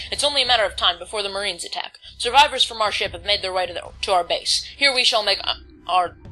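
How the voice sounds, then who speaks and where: A woman's voice: medium pitch, pushed and bright, low-quality recording. A woman casually commenting on her gameplay, reading on-screen text aloud and stumbling over words now and then. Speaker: let's play host.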